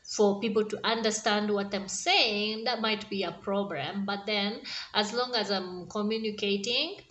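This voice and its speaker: A woman with a Kenyan accent talks straight to camera in an earnest, encouraging way, often pausing on fillers and restarting her sentences. Her voice sits in a middle pitch range. The room around her rings with a noticeable echo. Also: steady tone, a bit bright. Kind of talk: casual talk to camera. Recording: roomy echo.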